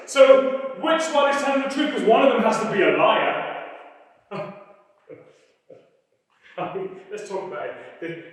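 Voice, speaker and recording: A man playing a fiery, mocking radical preacher. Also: a little high. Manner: animated storyteller, acts out voices, mocking. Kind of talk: theatrical monologue, storytelling preaching. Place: performance hall. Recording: echoey hall, mic far off.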